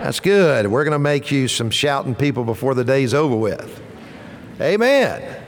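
A man's voice: fairly high pitch, very animated, normal speed, big-room sound, a little hiss or hum. A man in his sixties preaching a sermon as pastor, emphatic, building toward exclamations and leading the congregation in call-and-response. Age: 60s.

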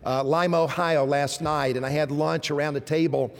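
Middle-aged Southern pastor, fairly high voice, preaching with emphatic swells and soft asides, long reverb of a church hall. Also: male voice, steady tone, normal speed. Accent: Southern American. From American South. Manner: emphatic preaching, swinging from loud exhortation to soft tender asides. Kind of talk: sermon.

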